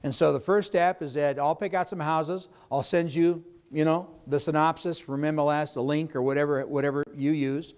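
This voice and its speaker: A man's voice: a little high, steady tone, moderate pace, few pauses, a little mellow. Emphatic man leading a sales seminar. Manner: emphatic, asks the audience questions. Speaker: real estate sales trainer. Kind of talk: live sales training seminar.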